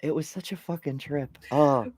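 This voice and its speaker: This US podcast host speaks in a low-sitting voice at a moderate pace, recorded dry. Her casual chat wanders through stories, lively and rambling, broken up by frequent laughter.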